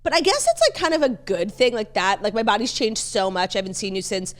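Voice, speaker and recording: Animated woman co-hosting a chatty podcast. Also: mid-range voice, quick pace. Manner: animated, laughs often, swears casually. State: pregnant. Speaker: podcast co-host. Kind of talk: casual chat.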